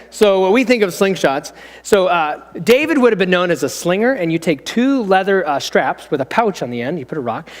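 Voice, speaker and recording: A male pastor telling a story to children in a church hall, in a playful way that draws in his listeners and helpers. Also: sits high. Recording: long reverb in a hall.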